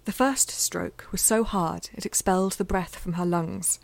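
A woman reading a novel aloud in a measured, intimate way, sometimes dropping to a near-whisper. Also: fairly low pitch, creaky, no room sound. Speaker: audiobook narrator. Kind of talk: scripted fiction narration.

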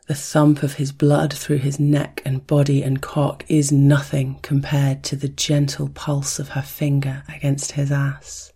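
Unhurried storyteller, flat even delivery, soft heartbeat chant, intimate narration. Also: mid-range voice, breathy edge. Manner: soft, hushed reading that drops into whispers; softly chants a rhythmic heartbeat sound.

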